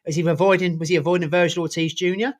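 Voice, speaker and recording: Brief: male podcast co-host, slightly high voice, fast, blunt and opinionated, casual swearing. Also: fairly even intonation. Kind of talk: casual sports chat.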